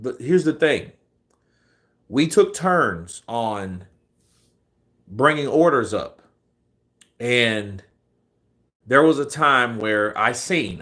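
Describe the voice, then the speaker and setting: A man's voice: fairly low pitch, fairly bright tone. A man in his forties, a boxing commentary host, telling a rambling, profanity-laced story in a casual way.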